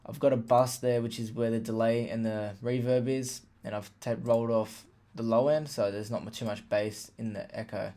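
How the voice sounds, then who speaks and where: A man casually walking through how he built a hip hop track, plain-spoken and relaxed, with fillers like "like" and "literally". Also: mid-range voice, moderate pace, few pauses. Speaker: music producer explaining a beat. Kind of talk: casual tutorial walkthrough. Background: faint playback of his beat.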